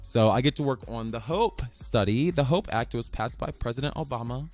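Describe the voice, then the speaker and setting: A male podcast host talking off the cuff in a mid-range voice, sassy and loose with his swearing. His pitch leaps high and drops low as he plays around, and soft music sits faintly underneath. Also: lively intonation, moderate pace. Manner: sassy, profane and playful, with big swings in pitch. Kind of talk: casual podcast monologue.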